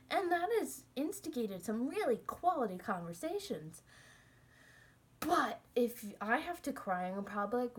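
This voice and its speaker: A young woman talking candidly in a casual personal monologue, chatty and open, laughing at herself now and then. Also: medium pitch. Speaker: student sharing recovery story.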